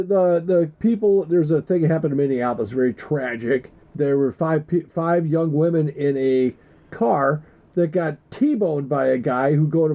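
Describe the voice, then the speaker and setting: A man's voice: on the high side, lo-fi sound. A man co-hosting a podcast in casual chat, joking and teasing and swearing freely. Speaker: podcast co-host.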